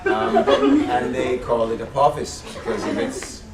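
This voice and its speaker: A man who is an actor, speaking on a convention panel in a relaxed, wry way. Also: medium pitch, measured pace, a loud crowd. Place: large convention hall. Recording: echoey hall, far from the camera, hiss.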